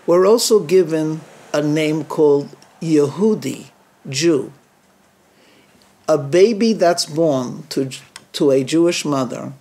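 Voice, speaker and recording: A rabbi telling a story in a sermon, lively and acting out the people he quotes. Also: on the high side, vocal fry. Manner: lively teller who acts out quoted speech.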